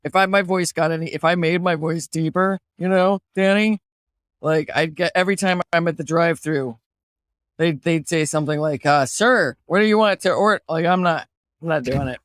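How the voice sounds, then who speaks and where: A woman hosting a podcast in casual chat, playful and animated, often jumping higher in pitch while joking. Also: normal speed, no room sound, clean studio sound. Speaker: podcast host.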